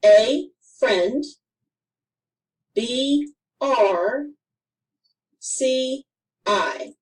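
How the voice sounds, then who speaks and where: A woman reading a grammar lesson for children aloud, in a careful, deliberate way with clear pauses. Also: fairly high pitch, expressive, recorded from a distance, poor audio. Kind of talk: slow scripted instructional narration.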